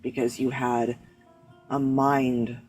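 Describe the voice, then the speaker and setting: A man appearing on a live talk show earnestly explains his spiritual beliefs in casual discussion, rambling, correcting himself, and restarting often. His medium-pitched voice is slow, flat, and darkish, with soft background music and poor audio.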